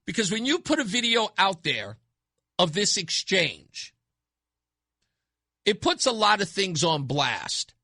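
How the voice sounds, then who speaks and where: A man's voice: high voice, big pitch swings, slow pace, pauses often, pushed and bright, dry recording. A man hosting a talk radio show, speaking bluntly and emphatically into a studio microphone, repeating his points for effect. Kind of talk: opinionated talk radio monologue.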